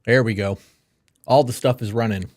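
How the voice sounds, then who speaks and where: A man's voice: mid-range voice, fairly even intonation, moderate pace, darkish tone. A young man co-hosting a casual live stream, laid-back and blunt, swearing now and then. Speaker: podcast co-host.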